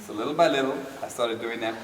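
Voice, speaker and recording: An older man recounts his story with lively, laughing energy, slipping into the voices of the people he quotes. He sounds distant from the mic, his voice ringing through a large hall. A steady wash of background noise sits beneath the talk. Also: medium pitch, fast talker. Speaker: dance teacher telling a story. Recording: echoey hall from far off with noise.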